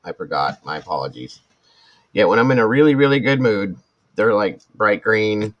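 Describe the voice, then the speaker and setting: A man in his forties chats casually on a live stream, answering viewers in a rambling, self-mocking way full of restarts. His voice sits low and deep. The audio is dull and lo-fi. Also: expressive, normal speed. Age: 40s. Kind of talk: casual chat reading viewer comments.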